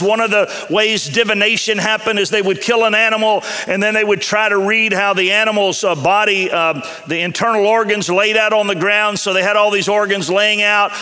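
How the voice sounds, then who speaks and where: A man's voice: high voice, bright, forceful tone. A middle-aged man preaching a sermon in a university chapel, telling a story animatedly and acting out voices. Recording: long reverb of a chapel hall.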